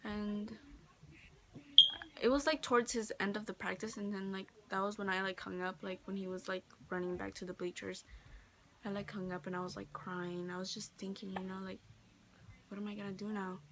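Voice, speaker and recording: Teen girl vlogger, soft casual storytelling, lots of fillers, noisy camera audio. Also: medium pitch, flat delivery, moderate pace. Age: teens. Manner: talks softly with many fillers, sometimes near a whisper. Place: indoor bedroom, holding a baby. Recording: noticeable background noise.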